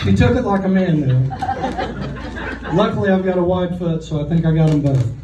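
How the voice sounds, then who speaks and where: A man in his sixties from Oklahoma doing a deadpan stand-up set at a restaurant comedy night. He tells his stories in a dry voice and slips into short quoted voices for the people in them. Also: sits high, moderate pace, muffled recording, a crowd in the background, noisy background. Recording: echoey room, voice heard from a distance.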